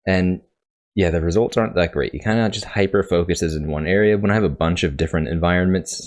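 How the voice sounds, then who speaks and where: A man with a deep, low voice talks through his project in a casual tutorial. He sounds congested and rambles, often stopping to correct himself as he thinks aloud. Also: a little mellow. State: congested, coughing. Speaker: coding tutorial host. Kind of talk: casual screen-share coding tutorial.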